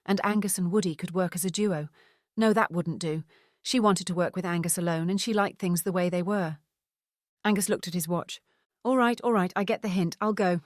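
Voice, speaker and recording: A woman narrates a book in a somewhat low, measured voice. The sound is dry and close, with no room around it. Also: no room sound. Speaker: audiobook narrator. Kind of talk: scripted narration.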